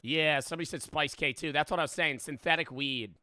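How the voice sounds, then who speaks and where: A man's voice: fairly high pitch, fairly quick, over music. A young man streaming, reacting to a video with casual, joking commentary, laughing often and swearing freely.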